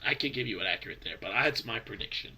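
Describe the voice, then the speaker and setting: A man's voice: lowish voice, expressive, fast, pushed and bright. A young man with a stuffy, congested voice from a cold, giving rambling, opinionated basketball predictions in a casual vlog. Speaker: basketball fan vlogger. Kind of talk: casual sports commentary vlog.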